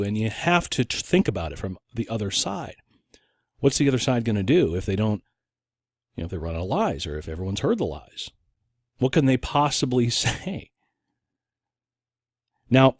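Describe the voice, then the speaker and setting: Lively, expressive male podcast host. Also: lowish voice, dry recording, clean studio sound. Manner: animated, with frequent restarts and acted-out quotes. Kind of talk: casual opinion podcast monologue.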